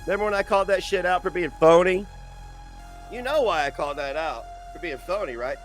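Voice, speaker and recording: A man's voice: high voice, brisk, faint music behind. A man ranting on a livestream in a profane, mocking, sarcastic way. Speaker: streamer.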